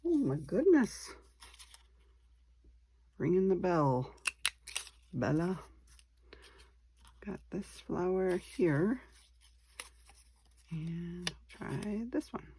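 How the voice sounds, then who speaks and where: Low, slow-talking woman crafting aloud. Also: dark tone, slight background noise. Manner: chatty, thinking aloud while working, self-deprecating. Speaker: craft tutorial host. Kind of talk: casual step-by-step craft demonstration.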